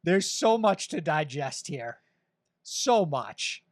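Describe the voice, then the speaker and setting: A man's voice: a little high, sing-song, takes it slowly, dry recording, studio quality. A man co-hosting a music podcast in casual, profane, joking chat, acting out mock conversations. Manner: profane, jokey, acts out mock dialogue. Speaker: podcast co-host.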